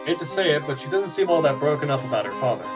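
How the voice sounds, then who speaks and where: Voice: mid-range voice, expressive, rapid-fire. A co-host chatting and teasing while playing a game, with game music behind. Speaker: let's play co-host. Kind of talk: casual chat over a game.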